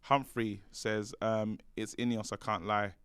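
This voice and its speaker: A man's voice: lowish voice, level tone, unhurried, a bit bright, clean tone, no room sound, clean studio sound. A man co-hosting a football fan show, reading viewer comments in a jokey, stumbling way with many fillers. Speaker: fan channel co-host.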